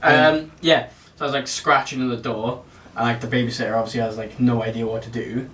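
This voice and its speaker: A man's voice: medium pitch, steady tone, fairly quick, a bit bright. A young man in his twenties, telling a story on a casual podcast chat. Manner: jokey, laughs a lot, slips into silly accents. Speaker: podcast co-host. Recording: echoey room, mic far off, faint noise.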